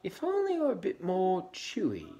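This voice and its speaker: A man voicing a graceful, flattering female emu in a storybook. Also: sits high, normal speed, vocal fry, pitched above the performer's own voice, exaggerated voice. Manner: flattering, sighing.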